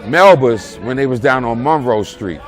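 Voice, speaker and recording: A man tells loose, rambling stories, checking in with "you know what I'm saying." His pitch sits in the middle. Music and crowd chatter run clearly behind him. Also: animated, moderate pace. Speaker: close friend giving a tribute. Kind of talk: casual spoken memories.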